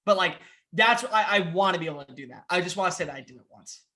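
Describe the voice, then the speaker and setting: Excitable young man, bright voice. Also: high voice. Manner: excitable, fast, with playful put-on voices and profanity. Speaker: podcast guest. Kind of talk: casual chat.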